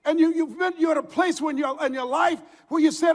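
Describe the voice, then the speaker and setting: An older man giving a motivational speech, telling stories with shouts and laughter. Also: extremely high pitch, brisk. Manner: animated storytelling with shouts and laughs. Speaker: motivational speaker. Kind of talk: motivational speech to a live audience. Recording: hall reverb.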